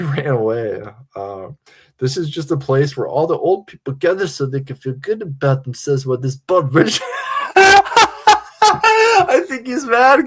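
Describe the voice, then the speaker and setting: A man hosts a live stream and rambles casually to his chat. He giggles often and swears freely, mocking his rivals. His voice sits at an ordinary, middling pitch. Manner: giggly, profane, mocking banter. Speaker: livestream host.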